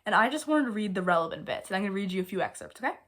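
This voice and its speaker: A woman's voice: medium pitch, lively intonation, very fast. Chatty, self-mocking young woman vlogger. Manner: chatty, playful, self-mocking, swings loud and soft. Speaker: video host. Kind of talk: casual vlog commentary.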